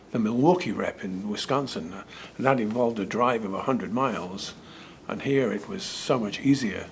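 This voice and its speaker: A man speaks haltingly in an interview. His voice is low and gravelly, with faint ambient noise behind.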